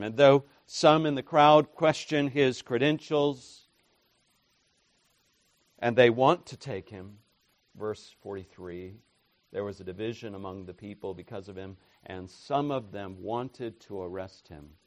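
A man preaching a sermon, dropping to quiet murmurs and rising to loud proclamations, with rhetorical questions and repeated refrains. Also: medium pitch, slow pace, long pauses, no room sound.

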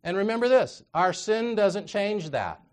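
A man preaching a sermon in a conversational way, reading scripture aloud and moving from quiet asides to loud, emphatic exhortation. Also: sits high, sing-song, unhurried. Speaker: counselor.

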